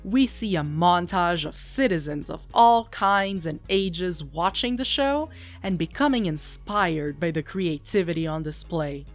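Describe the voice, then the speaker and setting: A woman hosting a video essay channel, reading scripted narration in a playful, animated way. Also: on the low side, measured pace, soft background music.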